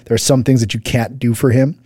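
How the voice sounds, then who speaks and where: A man's voice: mid-range voice, little pitch movement, fairly quick, warm tone, breathy edge, no room sound, clean studio sound. A man co-hosting a casual chat with his wife, talking bluntly and profanely, often trailing off and restarting his sentences. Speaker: co-host, husband. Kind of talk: casual podcast chat reacting to comments.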